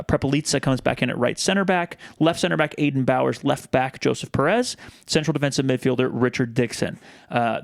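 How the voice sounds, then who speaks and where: A man's voice: mid-range voice, vocal fry, dry recording, clean studio sound. A man co-hosting a casual podcast chat, talking loosely with restarts and fillers. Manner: chatty, many restarts and fillers. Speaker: podcast co-host.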